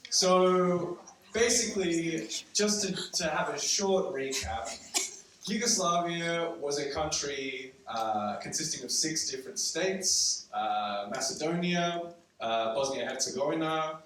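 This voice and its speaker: A man's voice: fairly high pitch, animated, slow, a bit bright. A young man from Serbia, raised in Australia, telling a wry, conversational story to a live audience with frequent ums. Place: event room before a live audience. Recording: very echoey room from far off, faint noise.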